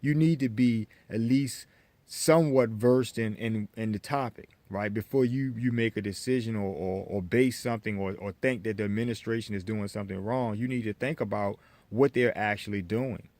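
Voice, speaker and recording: An American man giving an opinion monologue to his viewers, lecturing them with many halting restarts. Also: lowish voice, a little mellow, no echo. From United States. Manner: lecturing, repetitive restarts, addresses viewers as folks. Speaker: vlogger.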